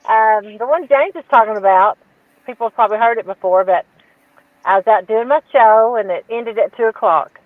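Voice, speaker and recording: A woman calls in to tell a story and acts out each line of dialogue. Her voice sits high. The call audio sounds dull, with no room around it. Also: normal speed, dry recording. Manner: animated, quotes dialogue, laughs at herself. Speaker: guest caller telling a story. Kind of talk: casual storytelling.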